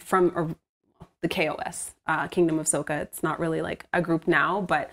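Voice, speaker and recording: A woman's voice: low-pitched, normal speed. Chatty woman voice-over artist at home. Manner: chatty and animated, laughs often, many fillers. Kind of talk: casual interview chat.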